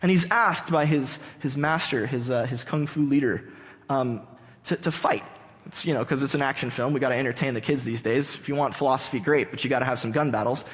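Animated male pastor in a reverberant church. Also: medium pitch, fairly quick. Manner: animated storyteller, acts out characters. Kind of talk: sermon. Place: church sanctuary. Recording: long church hall reverb.

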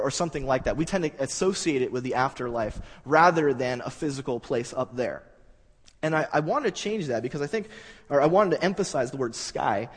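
Preacher, man, slightly high and husky voice, casual halting delivery in a big echoing hall. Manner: conversational, halting with restarts, builds up animated. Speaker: pastor. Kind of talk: sermon.

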